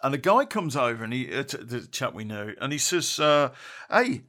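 A man's voice: medium pitch, animated, a little fast, pushed and bright. A middle-aged man, telling a rambling personal story in casual speech, often chuckling and dropping salty slang. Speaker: podcast storyteller.

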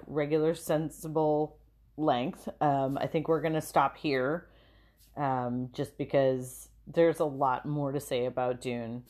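Low-voiced woman, chatty podcast co-host. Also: a little mellow. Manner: chatty, lots of fillers and swearing, laughs often. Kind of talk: casual film discussion.

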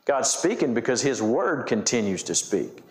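Pastor guy giving a sermon, mid-pitched voice, repeats himself a lot, roomy church echo. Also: sing-song, moderate pace. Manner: repeats and restarts phrases, asks the congregation questions.

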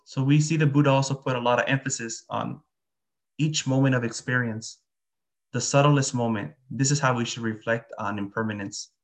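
Gravelly-voiced man giving a dharma talk. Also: mid-range voice, steady tone, normal speed. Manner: earnest, plainspoken, with frequent fillers. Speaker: Buddhist teacher. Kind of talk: dharma talk and guided meditation.

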